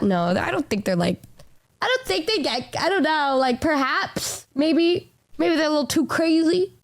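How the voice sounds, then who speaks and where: A woman's voice: sits high, expressive, moderate pace. A woman streamer in casual chat, teasing her friends and swearing offhandedly.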